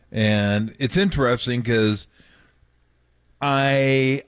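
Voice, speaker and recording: A man's voice: mid-range voice, no echo, studio quality. A man hosting sports talk radio in a casual, conversational way, often chuckling.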